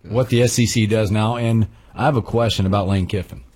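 A man hosting a morning sports radio show, chatting casually with a lively, laughing manner. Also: on the low side, a little fast, breathy edge. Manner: animated, sing-song greetings, laughs often.

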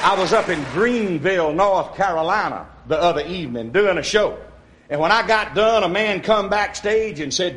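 A man telling a comic yarn in a lively folksy drawl. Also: high voice, normal speed. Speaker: comedian. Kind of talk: storytelling comedy routine.

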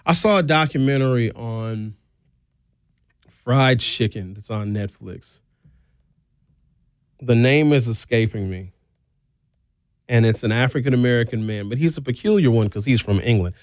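A man in his thirties hosts a talk-radio show, speaking in a mid-pitched voice with blunt, animated opinions and quick sarcastic asides. The studio sound is dry and close. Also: no room sound.

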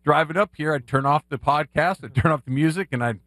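A man's voice: on the high side, fast, a bit bright, no echo. A man co-hosting a sports radio show who does impressions, easygoing with dry quips. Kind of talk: casual sports talk chat.

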